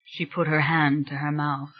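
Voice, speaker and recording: An audiobook narrator giving a measured, scripted reading of a gothic thriller novel. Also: medium pitch, flat delivery, highs cut off.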